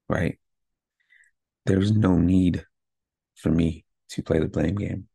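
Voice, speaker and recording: Male podcaster, a father, gravelly low voice with a husky edge, close dry mic, motivational and candid. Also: a little mellow, no room sound. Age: adult with kids. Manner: candid, pumped-up self-talk with frequent "right?". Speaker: podcast host.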